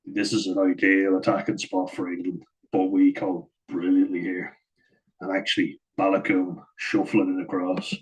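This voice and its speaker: A man's voice: low voice, monotone, moderate pace, poor audio. A man giving a chatty, casual voice-over breakdown of rugby footage, often saying "like" and chuckling at his own asides. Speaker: rugby match analyst.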